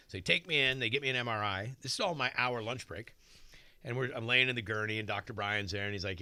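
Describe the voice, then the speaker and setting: A middle-aged man, a guest in a radio studio, telling an animated story and acting out what other people said. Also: fairly low pitch, fast talker, no room sound. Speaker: celebrity chef guest.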